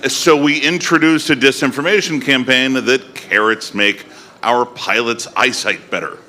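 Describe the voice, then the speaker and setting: A man moderating a live conference panel, wry and quick to throw in jokes. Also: mid-range voice, bright, forceful tone.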